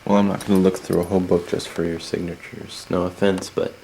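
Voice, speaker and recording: Wry low-voiced man on a hissy camcorder. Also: level tone, fairly quick, creaky, dark tone. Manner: rambling, wry throwaway asides. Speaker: home video maker giving a house tour. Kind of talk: casual handheld house tour. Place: family house, indoors and garden. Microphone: camcorder built-in mic. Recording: noisy 1990s camcorder audio.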